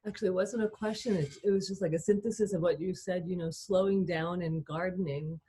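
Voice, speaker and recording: Casual chatty woman, kinda husky, lots of likes, on a video call. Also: lowish voice, fairly even intonation, brisk, mellow. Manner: chatty, light, full of fillers. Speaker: webinar participant. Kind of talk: casual chat.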